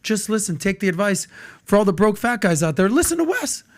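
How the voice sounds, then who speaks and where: A man's voice: high-pitched, brisk. A man hosting a podcast, chatting energetically and cheering on his guest. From United States. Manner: energetic, agreeable, hypes the guest. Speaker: podcast host. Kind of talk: casual podcast chat.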